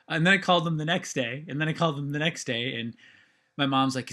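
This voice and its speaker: A man's voice: a little high, fast, pushed and bright. A man telling a personal story in a casual monologue, earnest and rambling, with many fillers and restarts.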